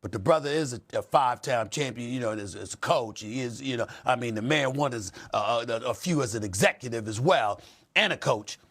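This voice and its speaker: A man's voice: mid-range voice, a little fast, a bit bright. A middle-aged man hosting a heated sports debate, fiery and emphatic, hammering points with repetition. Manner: fiery, emphatic, repeats phrases for effect. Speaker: host.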